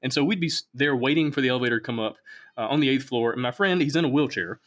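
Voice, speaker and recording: Fast-talking Southern man hosting. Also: medium pitch. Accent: Southern American. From Alabama, US Deep South. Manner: animated storyteller, acts out quotes. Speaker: podcast host. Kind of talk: casual interview.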